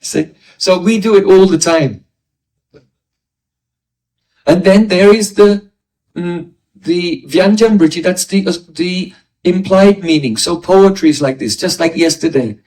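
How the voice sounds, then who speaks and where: Male spiritual teacher, fairly high voice, caught by a distant mic, teaching a class with homely examples. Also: a little slow, pauses often, a little mellow. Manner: explains with everyday examples, asks listeners "right?". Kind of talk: devotional class lecture.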